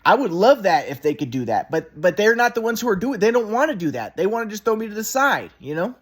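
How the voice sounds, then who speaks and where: Rambling agitated fast-talking man. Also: sits high, big pitch swings. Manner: rambling, repetitive, agitated, swears. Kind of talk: casual monologue.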